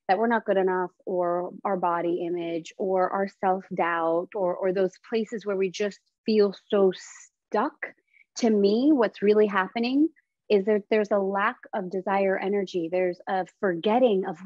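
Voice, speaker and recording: A woman's voice: medium pitch, a little mellow, dry recording. A woman being interviewed, speaking earnestly and reflectively, acting out inner thoughts as quoted lines. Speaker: guest, business founder. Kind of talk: casual interview conversation. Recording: slightly dull, lo-fi sound.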